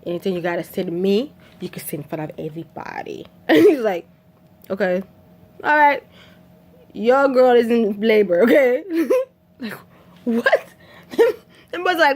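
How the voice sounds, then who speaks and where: Animated woman from Haiti recapping a film. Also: a little high, unhurried, pauses often. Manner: animated, laughs often, acts out quotes in whispers and shrieks. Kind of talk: casual storytelling recap.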